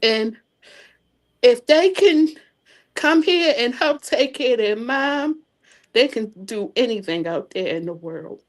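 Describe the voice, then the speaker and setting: A middle-aged woman guest telling her family story in a heartfelt, animated way. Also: fairly high pitch, slow. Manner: animated, heartfelt, acts out dialogue. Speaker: interview guest. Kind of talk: emotional personal storytelling.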